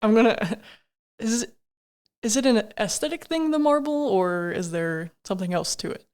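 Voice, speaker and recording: A woman's voice: mid-range voice, lively intonation, normal speed, darkish tone. A woman playing a tabletop fantasy game, chatting casually and laughing often, with many "like" fillers. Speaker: player. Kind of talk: casual in-character chat.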